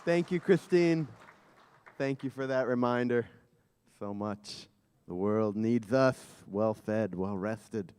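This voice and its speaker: A man's voice: lowish voice, slow pace, darkish tone, some chatter behind, slight background noise. A man serving as worship associate, briefly thanking the minister after her sermon. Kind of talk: service leading. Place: church sanctuary.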